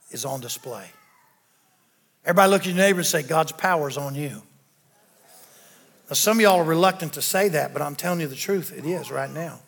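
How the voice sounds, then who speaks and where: An older man preaching a sermon, animated and calling out to the congregation for responses. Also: on the high side, vocal fry, slightly rough. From American South. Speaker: pastor.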